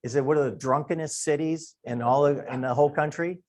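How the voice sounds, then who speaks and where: A man's voice: fairly high pitch, fairly even intonation, brisk, a little mellow. A middle-aged man from Wisconsin teaching a Sunday Bible class, talking in a folksy, conversational way and thinking aloud. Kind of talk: Sunday school Bible lesson.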